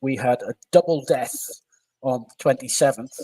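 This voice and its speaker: A man's voice: mid-range voice, moderate pace, warm tone, rough recording. A British man co-hosting a live stream, steadily reading out music deaths and birthdays with small asides. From United Kingdom.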